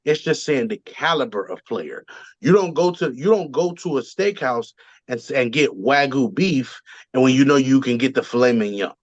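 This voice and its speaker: A man's voice: medium pitch, expressive, moderate pace, no room sound, muffled recording. A man co-hosting a casual sports podcast, rambling with frequent ums and restarts. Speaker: podcast co-host.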